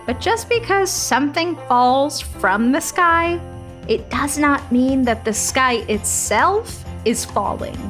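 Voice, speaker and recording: A woman's voice: animated, slow pace, a bit bright, faint music behind, heavily acted. Woman voicing a fussy mother hen. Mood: earnest. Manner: prim and reassuring, then shrill panic. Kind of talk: children's storybook reading.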